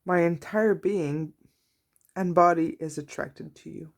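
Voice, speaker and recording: Slow gravelly-voiced woman tarot reader. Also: on the low side. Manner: soft, warm-hearted, reads card messages aloud. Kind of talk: slow, intimate tarot reading.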